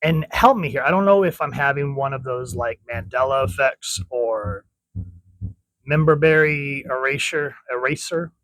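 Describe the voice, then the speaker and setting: A man's voice: medium pitch, moderate pace, fairly bright tone, no room sound, poor audio. A man giving a casual comic book review, chatty and rambling, often correcting himself.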